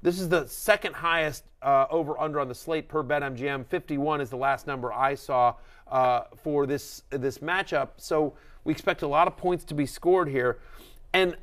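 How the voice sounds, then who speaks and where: A middle-aged man hosting a fantasy football show, talking fast and animated, acting out voices as he rants. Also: fairly high pitch. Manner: animated, ranting, acts out quoted voices. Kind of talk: excited sports analysis chat.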